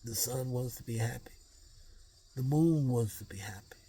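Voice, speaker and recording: A man's voice: medium pitch, moderate pace, dark tone, a little hiss or hum. A man vlogging a rambling, slangy motivational monologue.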